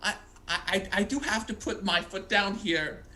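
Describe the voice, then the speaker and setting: A man's voice: high voice, bright, forceful tone. A man playing a flustered tour guide. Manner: stammering, halting, polite. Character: flustered, overly polite male museum tour guide. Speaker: improv performer. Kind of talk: improv comedy scene.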